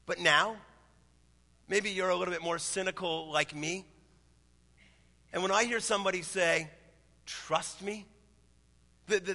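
A man's voice: sits high, sharp tone, in a large hall. A man in his thirties, a pastor preaching a sermon in a conversational, storytelling way. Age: 30s.

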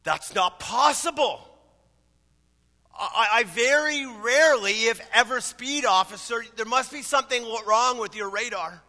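A man's voice: very high voice, measured pace, pushed and bright, long reverb tail, pitched above the performer's own voice, full character voice. A man playing an indignant husband caught speeding, who protests and stammers. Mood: protesting.

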